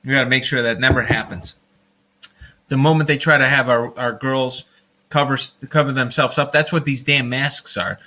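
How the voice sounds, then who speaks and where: Bright-voiced man ranting on a livestream. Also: mid-range voice, fairly even intonation, moderate pace. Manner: rambling, fired-up, laughs often at his own jokes; addresses listeners as folks. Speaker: livestream host. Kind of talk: casual livestream rant.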